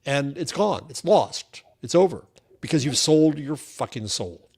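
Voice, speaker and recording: A man co-hosting a political podcast, speaking earnestly with halting restarts. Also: a little high, big pitch swings, a little mellow, husky. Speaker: podcast co-host.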